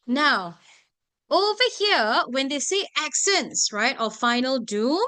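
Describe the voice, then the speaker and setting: A woman's voice: high voice, very animated, slow, bright, forceful tone, no room sound. A young woman teaching an English vocabulary lesson to a class, often checking whether students follow. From Singapore. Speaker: English tutor.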